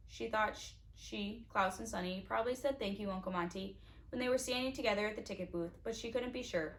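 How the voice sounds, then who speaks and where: A woman's voice: a little high, fairly quick, fairly bright tone. A woman reading a children's novel aloud in a casual way, with small slips and restarts. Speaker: audiobook reader.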